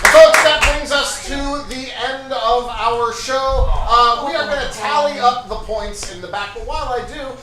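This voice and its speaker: A man's voice: very high voice, a little slow, hardly any pauses. A man hosting a live improv comedy show, loose and joking, calling out to the audience. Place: comedy club stage. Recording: roomy club sound from a distant mic, loud crowd and noise.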